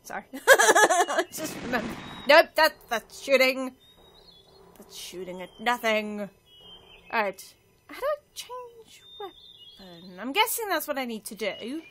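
Woman playing a game, high bright voice, slow easy chat, laughs at herself. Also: slight background noise. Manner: chatty, self-mocking, bursts into excited cries. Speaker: let's play gamer. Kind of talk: casual gameplay commentary.

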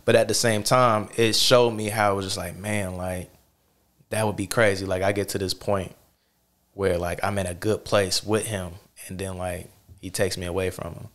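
A man hosting a podcast, talking in a relaxed, reflective way with many fillers. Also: deep voice, moderate pace. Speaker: podcast host. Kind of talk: casual chat.

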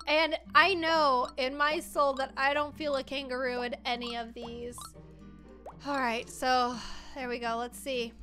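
Brief: young female gaming YouTuber, excitable casual chatter, high bright voice, light music underneath. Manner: excitable, squealing over pulls.

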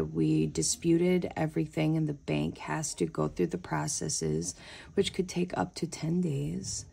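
Slow, gravelly-voiced woman chatting. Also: low-pitched, mellow. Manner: chatty, exclaims "oh my goodness", says y'all. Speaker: budgeting vlogger. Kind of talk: casual chat to camera.

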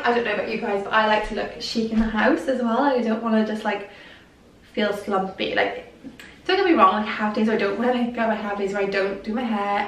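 A woman's voice: mid-range voice, a bit bright, far from the mic, slight background noise. A young woman chatting casually through a clothing haul, gushing and full of "like", a little out of breath. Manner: gushing, chatty, lots of "like" and "I love". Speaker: fashion vlogger. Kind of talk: casual try-on haul chat. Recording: echoey room, voice from off-mic.

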